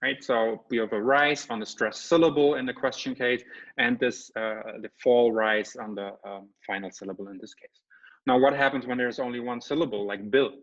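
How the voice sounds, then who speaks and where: Brief: male guest lecturer, mid-pitched, explanatory, checking in with the audience, dull lo-fi video-call sound. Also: steady tone, normal speed, fairly bright tone. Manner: explanatory, checks in with "right?" and "okay?". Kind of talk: academic lecture. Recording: slightly muffled lecture audio.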